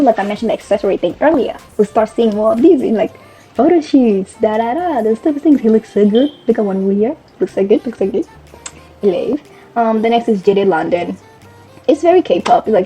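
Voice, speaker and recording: A woman's voice: mid-range voice, mellow. A young woman chatting casually as a fashion vlogger, rambling and correcting herself as she goes. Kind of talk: casual chat. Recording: faint background music.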